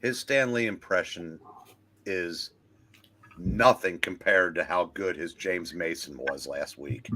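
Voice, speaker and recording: A man's voice: low voice, slow pace, bright, forceful tone. A man co-hosting a casual live-stream chat about comics, rambling and joking as he explains. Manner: rambling, jokey. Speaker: co-host.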